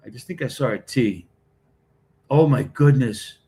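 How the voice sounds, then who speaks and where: A man's voice: medium pitch, unhurried, dark tone. A middle-aged man from the Boston area, hosting a casual live stream, greeting commenters one by one and answering them in a blunt, wisecracking way. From Boston area, New England. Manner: blunt, wisecracking, talks straight to chat.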